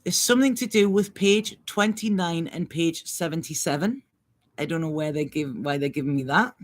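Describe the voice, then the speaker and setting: A woman giving an improvised spiritual reading, halting and rambling as she restarts her phrases. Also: low-pitched. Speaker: astrology and intuitive reader.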